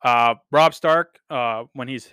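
Bright, clear-voiced man chatting casually. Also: medium pitch, slow pace, dry recording, studio quality. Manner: enthusiastic, profane, with frequent fillers and repeats. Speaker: podcast host reviewing a TV series. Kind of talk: casual unscripted review talk.

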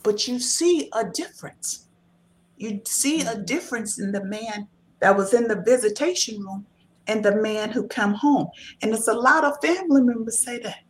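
A woman's voice: fairly high pitch, moderate pace. A woman talking earnestly and emphatically in a casual discussion, giving encouraging advice. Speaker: author and guest.

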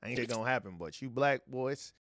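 A man's voice: mid-range voice, a little fast, a bit bright, dry recording, studio quality. A man from Chicago telling a story in a laid-back, slangy way, full of casual fillers. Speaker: podcast co-host.

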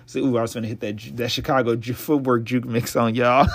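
Blunt profane podcast host, slightly hoarse. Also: male voice, mid-range voice, flat delivery, fast talker, hardly any pauses. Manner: blunt, profane, preachy, laughs often. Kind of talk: casual commentary and advice.

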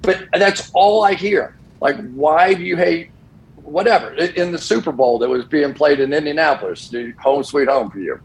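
A middle-aged man, a football broadcaster, telling stories casually on a sports talk show and jumping up in pitch when he quotes people. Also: normal speed, rough recording. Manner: animated, voice jumps when quoting people. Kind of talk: casual storytelling.

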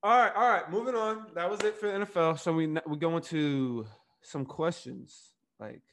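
A man's voice: fairly high pitch, normal speed, fairly bright tone, a little hiss or hum. A young man co-hosting a podcast, talking loosely with lots of fillers and swearing. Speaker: podcast co-host. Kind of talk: casual chat.

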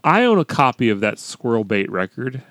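A man's voice: mid-range voice, very animated, moderate pace, fairly bright tone, no room sound. A man hosting a casual chat, reading out statements for the table to argue about. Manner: reads out statements, teasing. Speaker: podcast host reading prompts.

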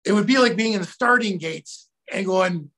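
Gravelly, high-voiced man telling stories. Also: normal speed. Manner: animated, acts out quotes with sudden shouts. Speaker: guest. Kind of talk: casual storytelling.

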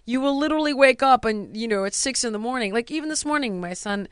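A woman's voice: a little high, quick pace, clear, resonant tone, no room sound, clean studio sound. A woman in her forties, a TV show creator and star, telling stories expressively in casual chat. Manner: expressive, acts out quotes with shouty kid voices. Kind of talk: animated storytelling chat.

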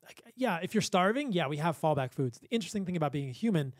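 A man's voice: a little high, expressive, quick pace, no echo. A man guesting on a podcast as a physician, chatting casually and telling stories with frequent laughs. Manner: enthusiastic storyteller with frequent laughs.

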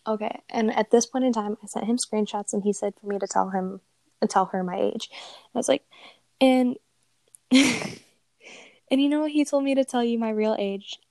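A woman's voice: on the high side, normal speed, long pauses, a little mellow, no echo. A young woman casually telling a profane, amused story and reading out chat messages aloud. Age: young adult.

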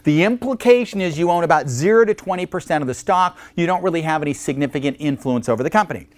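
A male instructor giving a recorded accounting lecture in a lively, joking way, acting out short phone calls to explain his points. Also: on the high side, fast talker, no echo. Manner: lively, jokey, acts out little phone calls.

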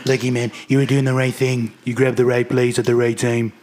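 A brash, blustering older politician, boasting in a folksy drawl, as a man puts him on for friends. The voice sits in an ordinary middle pitch. Loud crowd noise runs behind it. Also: little pitch movement, fairly quick, natural voice. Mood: boastful.

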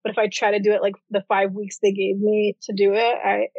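A woman's voice: mid-range voice, little pitch movement, a little fast, a little mellow, slightly rough, no room sound. A young adult woman, an author, telling her story casually in an interview, with lots of "like" fillers. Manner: chatty, heavy use of "like". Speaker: author guest. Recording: dull, dry audio.

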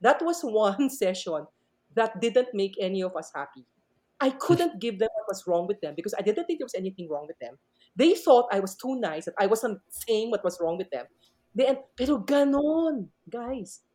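With a warm, sing-song voice of medium pitch and normal speed, a Filipina professor and guest speaker from the Philippines gives an animated storytelling talk. She speaks with a Filipino accent and moves back and forth between English and Tagalog.

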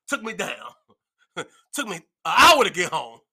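A man's voice: high voice, sing-song, measured pace, pushed and bright, husky. A man chatting casually as a podcast guest, boisterous and profane, laughing often. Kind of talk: casual chat.

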